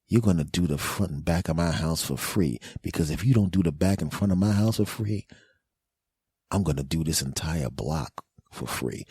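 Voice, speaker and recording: A man in his forties delivering a blustering, profane comedy rant as a podcast host. His voice is low, husky and mellow. It is recorded close and dry, with no room sound. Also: animated, moderate pace, no echo. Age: 40s.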